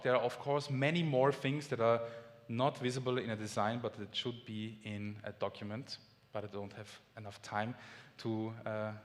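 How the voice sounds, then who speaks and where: Austrian man giving a conference talk. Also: mid-range voice. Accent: Austrian German. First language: German. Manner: lively, friendly explaining with small restarts. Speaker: conference speaker. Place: large conference hall. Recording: long hall reverb.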